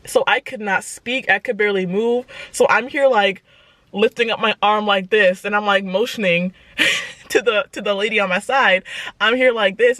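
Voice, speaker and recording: Young woman in her twenties, chatty storytime vlogger, lively and exclamatory, dry close sound. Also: medium pitch, no room sound. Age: 20s. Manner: animated, exclaims to viewers as "y'all". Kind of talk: casual storytime.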